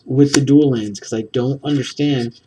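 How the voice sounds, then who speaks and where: Far from the microphone, a card-opening video host rambles casually while sorting through trading cards on his channel, with plenty of ums and self-corrections. His voice is mid-range, dark, and husky, with fairly even intonation at normal speed.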